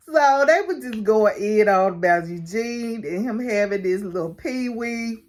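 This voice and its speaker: A woman's voice: fairly high pitch, measured pace. A woman recapping a reality show in casual, gossipy talk, laughing often. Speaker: recap vlogger.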